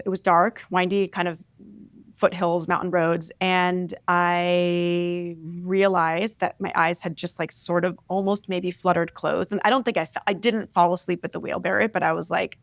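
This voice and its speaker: A woman in her forties, an interview guest, telling candid personal stories in an expressive, reflective way, often adding "like" and "right?". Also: lowish voice, creaky, no room sound. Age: 40s. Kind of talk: candid conversational storytelling.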